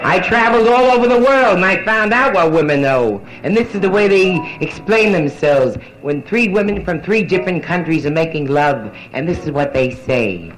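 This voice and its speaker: A brassy, boozy woman working a nightclub crowd with bawdy stand-up, needling people at the tables. A live band plays clearly behind her on an old club recording. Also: on the low side, animated, normal speed, hardly any pauses, soft background music, rough recording. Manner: brassy, boozy, teasing the audience. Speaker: nightclub comedian. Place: nightclub stage with live audience.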